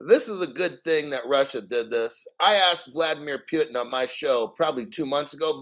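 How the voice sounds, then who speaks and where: A man's voice: a little high, brisk, a bit bright. Profane, fired-up male crypto streamer. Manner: profane, emphatic, rhetorical questions. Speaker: crypto livestream host. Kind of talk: casual live-stream rant.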